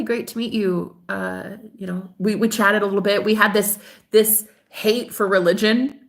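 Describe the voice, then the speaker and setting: A woman spinning a personal story for her viewers in a loose, chatty way. She is animated and familiar, swears freely and calls her audience "girl". Her pitch sits in the middle for a woman. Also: gravelly. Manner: voices other people in quoted dialogue. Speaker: spiritual advisor. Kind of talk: casual storytelling to camera.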